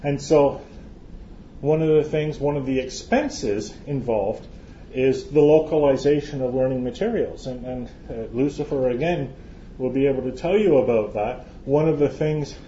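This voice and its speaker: A man's voice: mid-range voice, moderate pace, dark tone, slight background noise. A man from Canada, giving a joking, chatty lecture to a live audience and often restarting his phrases. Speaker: conference speaker. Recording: roomy, dull hall recording.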